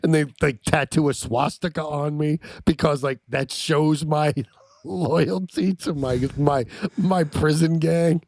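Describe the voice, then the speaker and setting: A man co-hosting a casual podcast chat, animated and swearing freely as he jumps between topics. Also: fairly high pitch, takes it slowly, dry recording. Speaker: podcast co-host.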